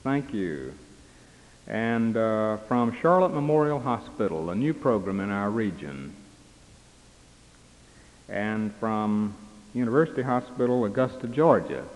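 Halting male presider, long chapel reverb. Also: lowish voice, lively intonation, darkish tone. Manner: halting, with frequent fillers. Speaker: chapel presider introducing the speaker. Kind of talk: announcements and speaker introduction.

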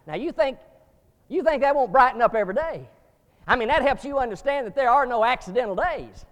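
A man preaching a sermon to seminary students, emphatic, with sudden rising bursts and slow stressed words. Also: very high voice, animated, a bit bright, big-room sound.

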